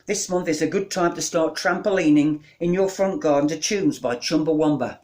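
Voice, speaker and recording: Man, comic poet, deadpan, rattles off long lists, slightly high pitch. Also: moderate pace. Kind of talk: live comic verse performance.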